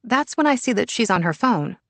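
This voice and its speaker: A woman narrating a first-person thriller audiobook in a measured, even storytelling manner. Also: a little high, no room sound.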